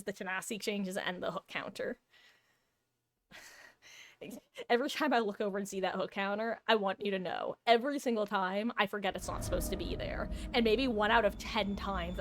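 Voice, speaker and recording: A woman's voice: mid-range voice, a bit bright. A woman streaming live, chatting casually and cooing over her cat between game talk.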